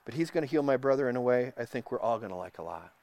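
A man preaching a sermon, reading quotes aloud and dropping to a soft hush for tender passages. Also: mid-range voice, lively intonation, rapid-fire, dry recording. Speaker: pastor.

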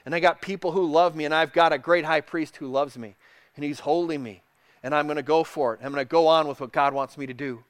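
Pastor preaching with a dry close sound. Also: male voice, a little high, steady tone, quick pace, dry recording. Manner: reads quotes aloud, drops to a soft hush for tender passages. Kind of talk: sermon.

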